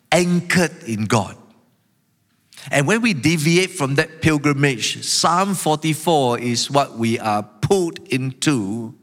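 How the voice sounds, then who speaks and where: A man preaching from the pulpit, slow and deliberate, his mid-pitched voice carrying long reverb around a church hall. He leans into emphatic passages, pressing each line hard. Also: fairly bright tone. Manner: emphatic preaching, voicing the psalmist's complaints with rising intensity. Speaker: pastor. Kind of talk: sermon.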